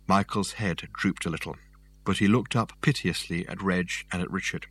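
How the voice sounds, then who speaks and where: Man narrating an audiobook, lowish voice. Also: normal speed, fairly bright tone, breathy edge, dry recording. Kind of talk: scripted narration.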